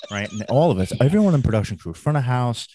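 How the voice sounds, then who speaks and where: A man's voice: medium pitch, sing-song, fast, mellow, a little hiss or hum. A man who is a podcast guest, telling a long story in a rambling, filler-heavy way. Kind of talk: casual storytelling.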